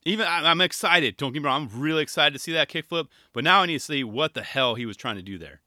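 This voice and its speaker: A young man giving casual solo commentary on skateboarding, excitable and rambling, firing off rhetorical questions. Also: on the high side, fast, no room sound, studio quality.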